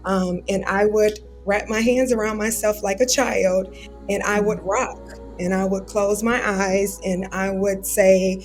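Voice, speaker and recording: An earnest woman speaks as a podcast guest, open and heartfelt, with a voice of ordinary pitch. Faint music plays under her speech. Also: steady tone, a little slow. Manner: earnest, open, emotional when recalling self-soothing. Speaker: guest, civil rights attorney. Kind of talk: podcast interview.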